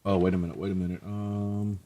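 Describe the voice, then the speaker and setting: A man's voice: deep voice, little pitch movement, brisk, mellow, dull audio. A man hosting a let's play, chatting casually and joking at his own expense as he plays. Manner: chatty, joking, self-mocking. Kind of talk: casual gameplay commentary.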